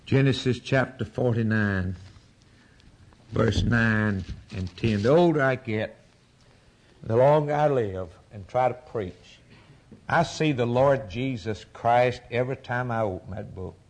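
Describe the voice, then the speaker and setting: A man's voice: medium pitch, measured pace, a little mellow. Older man, preacher, sermon, fervent, rising and falling intensity. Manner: preaching with rising fervor and sudden drops.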